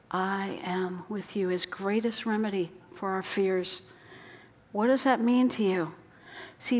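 A woman preaching a sermon in an earnest way, her voice dropping soft for quoted words. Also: medium pitch. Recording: long hall reverb.

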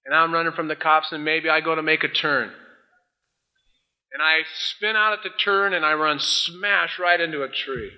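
This pastor's voice is on the high side, and his pace is normal. During his sermon he tells a lively courtroom story, playing both judge and defendant. The audio sounds dull and lo-fi.

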